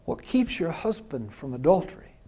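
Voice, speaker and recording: A man's voice: fairly high pitch, very animated, moderate pace, mellow, husky. A male pastor preaching a sermon, telling a personal story in an emphatic, conversational way.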